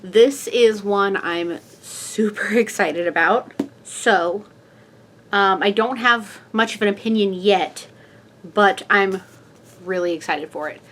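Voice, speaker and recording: A woman's voice: medium pitch, slow pace, a bit bright, a little hiss or hum. A young woman chatting casually in an upbeat book vlog, with fillers and small laughs. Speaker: book vlogger.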